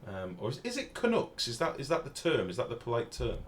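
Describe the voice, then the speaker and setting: A man's voice: medium pitch, huge pitch swings, a little fast, a little hiss or hum. An English man chatting casually while live-streaming a game, swearing freely and reading out chat messages. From England.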